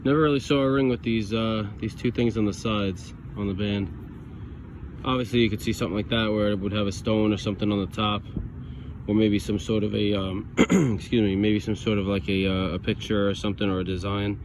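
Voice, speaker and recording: A man's voice: fairly low pitch, steady tone, brisk, a little mellow, slight background noise. A man from New York vlogging while metal detecting outdoors in a grassy yard. He chats casually to the camera, thinks aloud about each find and keeps calling his viewers guys.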